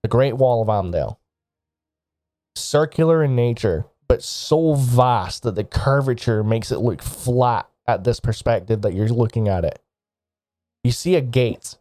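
A man's voice: mid-range voice, animated, unhurried, dark tone, dry recording, clean studio sound. A man narrating as game master of a tabletop game, describing scenes to the players in second person.

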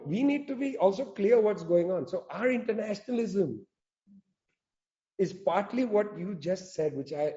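A man's voice: sits high, warm tone, highs cut off. A man giving an impassioned political talk, emphatic with sarcastic asides. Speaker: speaker at a public talk. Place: in South Africa.

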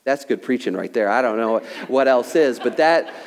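A man's voice: mid-range voice, normal speed. A man preaching a sermon as a pastor, emphatic and repetitive, sometimes joking at his own expense, out of breath. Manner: emphatic preaching with repeated phrases and self-deprecating asides. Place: church sanctuary. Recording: long hall reverb.

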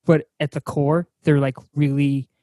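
A man with a Boston accent talks about music on a call. His voice sits a little higher than most men's and sounds dry and close. He rambles and keeps reaching for the right word. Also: little pitch movement, a little slow, mellow, dry recording. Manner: rambling, searching for words. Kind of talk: casual chat. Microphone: video call.

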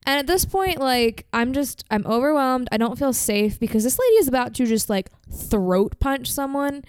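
A young woman co-hosts a podcast, chatting casually and telling stories with plenty of filler words. Her voice is high-pitched and animated, her pace moderate, and the sound smooth with no echo.

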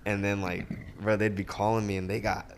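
A man's voice: on the low side, little pitch movement, fairly quick, a little hiss or hum. A man co-hosting a casual podcast, talking in an emphatic, slangy way and repeating himself for effect. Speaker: podcast co-host. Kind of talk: casual chat.

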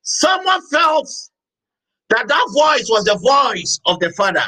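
A man preaching a sermon as pastor, emphatic, repeating phrases and shouting out words now and then. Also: high voice, animated, normal speed, slightly rough, rough recording.

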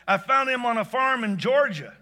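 A folksy, plainspoken meter reader, voiced by a male storyteller. His tone stays bright and fairly high, friendly and matter-of-fact. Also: expressive, normal speed, full character voice.

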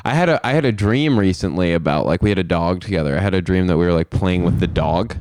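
A man's voice: sits low, lively intonation, fast, a little mellow, dry recording, clean studio sound. A man hosting a casual podcast, teasing and candid with his guest. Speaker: podcast host.

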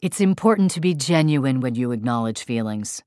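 A woman who leads parenting workshops narrating an audiobook in an expressive, emphatic style. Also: rumbling low, moderate pace, dry recording, clean studio sound. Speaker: author and parenting workshop leader.

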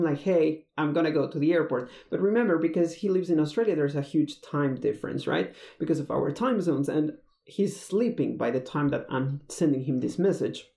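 Casual storyteller; dark, gravelly tone, loose and rambling, recorded in an echoey room. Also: medium pitch. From Mexico. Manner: rambling, many fillers and restarts. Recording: roomy echo.

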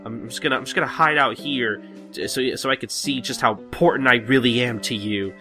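A man's voice: mid-range voice, fairly quick, sharp tone, soft background music, close to an everyday voice. A man doing a comic voice of a bratty, gleeful alien teenage girl who gloats over her friends' misery. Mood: gloating. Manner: gloating, sing-song. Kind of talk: podcast impression.

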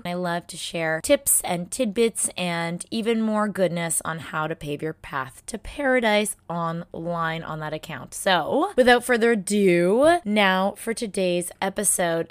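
A woman hosting her own podcast as a life coach, talking in an energetic, cheerleading way with rallying questions to her listeners. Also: medium pitch, no echo. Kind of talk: upbeat motivational podcast monologue.

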